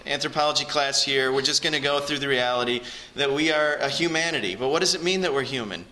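Bright-toned man preaching a sermon. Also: quick pace, few pauses, poor audio. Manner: earnest, rises in pitch and volume for emphasis, addresses the congregation directly. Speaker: pastor. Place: church.

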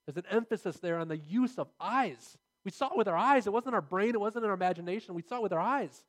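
A man's voice: high voice, fast talker. A man preaching a sermon, earnest and building to emphatic, repeated phrases as he drives his points home.

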